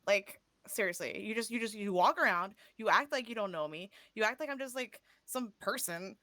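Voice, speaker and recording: A woman's voice: medium pitch, normal speed, bright, forceful tone, no room sound, close to an everyday voice. Sarcastic, exasperated woman detective voiced by a woman, dry close sound. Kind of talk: voicing a character in a tabletop game.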